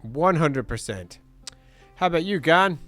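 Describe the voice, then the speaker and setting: A man casually commentating as he plays a video game, chatty and amused and thinking out loud. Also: on the high side, animated, unhurried, faint music behind. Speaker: game streamer. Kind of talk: casual let's-play commentary.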